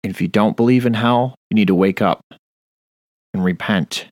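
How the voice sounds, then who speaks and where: A man's voice: fairly low pitch, moderate pace, darkish tone, dry recording, studio quality. A man preaching a Bible study on a radio show, earnest and stern, reading scripture aloud. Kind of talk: sermon-style Bible study.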